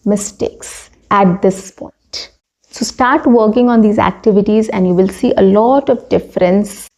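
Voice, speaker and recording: A woman's voice: on the high side, dark tone. Indian woman coaching spoken English. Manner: coaching, repeats "right?" and lists. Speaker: English teacher.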